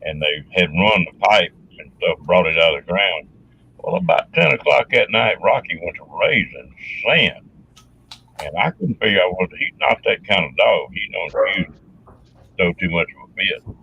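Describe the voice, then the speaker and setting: Gravelly low man. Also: animated, normal speed. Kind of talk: casual storytelling. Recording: dull lo-fi sound.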